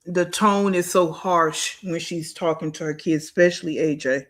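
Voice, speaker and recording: A woman's voice: fairly low pitch, fairly even intonation, normal speed. A woman hosting a reaction channel, giving blunt, scornful, slangy commentary on a clip.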